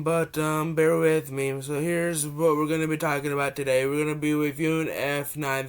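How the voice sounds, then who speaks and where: A young man with a cold giving a casual, rambling movie review vlog, often restarting his sentences and gushing with excitement. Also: a little high, clean tone. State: has a cold.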